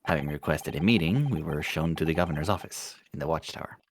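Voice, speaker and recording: Low-voiced man reading a game aloud. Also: fast, a little hiss or hum. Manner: stumbling read-aloud with self-corrections. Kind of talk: reading a visual novel aloud on stream.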